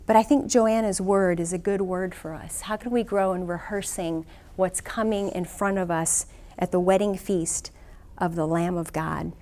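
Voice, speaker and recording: A woman's voice: fairly low pitch, fairly even intonation, moderate pace, a little mellow. A woman missionary preaching a sermon in a church, telling personal stories earnestly with frequent restarts. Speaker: women's ministry speaker and missionary.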